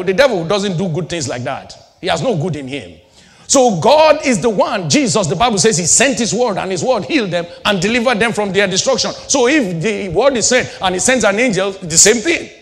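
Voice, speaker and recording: A man's voice: sits high, lively intonation, normal speed, fairly bright tone. A middle-aged male pastor preaching a sermon, asking rhetorical questions and building and dropping his intensity, in a church hall. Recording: long hall reverb.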